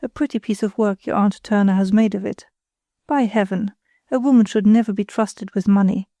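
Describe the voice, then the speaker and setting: A woman's voice: medium pitch, normal speed, warm tone, no echo, lightly acted. A woman reading the part of a young man, a blunt and scornful brother.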